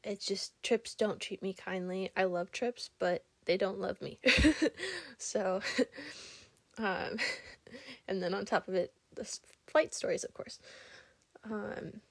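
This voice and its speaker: A woman's voice: medium pitch, steady tone, a little slow, gravelly, dry recording. A young adult woman vlogging casually, telling stories in a rambling, chatty way full of fillers and giggles. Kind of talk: casual storytelling vlog.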